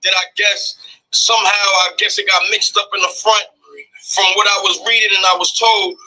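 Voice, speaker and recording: A man's voice: high-pitched, flat delivery, moderate pace, pushed and bright, poor audio. A man animatedly retelling a story in casual conversation, swearing freely and acting out people's exclamations.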